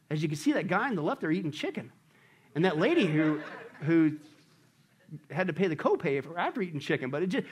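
A male pastor preaching a sermon, animated and constantly throwing rhetorical questions at the congregation in a church. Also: sits high.

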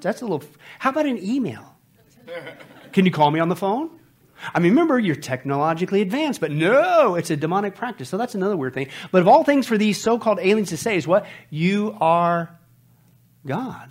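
High-ish voiced bible teacher guy, sarcastic and jokey, really emphatic. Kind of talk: preaching commentary.

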